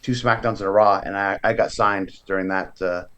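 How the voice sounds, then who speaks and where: A man's voice: on the low side, a little fast, crowd noise. Man telling a story in a casual interview. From California. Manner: lively storyteller who acts out other people's voices. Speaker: guest, professional wrestler.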